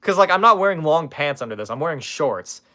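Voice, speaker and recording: A man's voice: on the high side, sing-song, a little fast, sharp tone. A man streaming from his room in casual chat, sarcastically roasting viewers and swearing freely.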